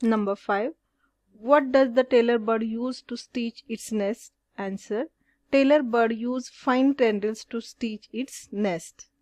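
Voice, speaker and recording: A woman teacher reading out exercise questions and their answers in a slow, deliberate question-and-answer way. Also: on the high side, darkish tone, no echo.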